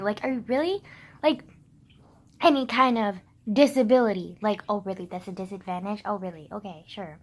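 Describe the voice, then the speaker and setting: A woman's voice: a little high, poor audio. A young woman ranting casually to camera, heated and sarcastic, swearing often and filling her talk with "like". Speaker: vlogger.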